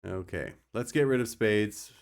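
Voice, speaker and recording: A young man talks through a card game for his live chat in a low, unhurried voice. He jokes with viewers as he plays. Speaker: streamer. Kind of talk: casual gameplay commentary.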